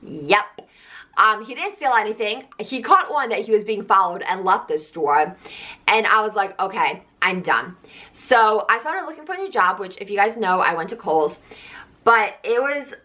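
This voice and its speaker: A young woman vlogger telling a casual storytime, animated and swearing freely while acting out coworkers' lines. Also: mid-range voice, moderate pace.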